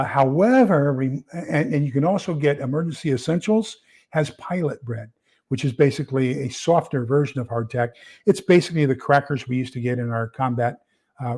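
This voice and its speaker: A man's voice: medium pitch, a little mellow. Rambling man hosting a casual livestream. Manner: rambling, many fillers and repeated words. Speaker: prepper channel host. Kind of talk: casual livestream chat reading comments.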